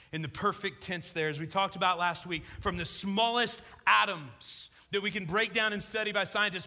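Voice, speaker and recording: A man's voice: sits high, bright, forceful tone, in a large hall. A male pastor preaching an emphatic sermon with rhetorical asides.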